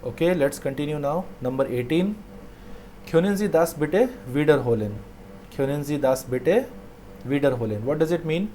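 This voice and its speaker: A man teaching a language lesson, saying each phrase slowly twice and then explaining it. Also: fairly high pitch, warm tone, a little hiss or hum.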